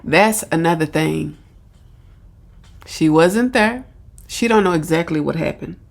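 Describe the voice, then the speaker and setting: Slow, gravelly woman commentator. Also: sits low. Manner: blunt, repeats herself, talks back to the clip. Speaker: commentator reacting to a video. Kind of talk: casual reaction commentary.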